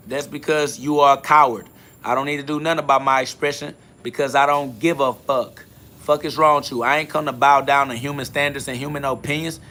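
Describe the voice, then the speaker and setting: A man's voice: mid-range voice, steady tone, fairly quick, sharp tone. A male podcast host giving a solo spiritual monologue, answering listener comments in a blunt, profane, confrontational way and repeating his catchphrases.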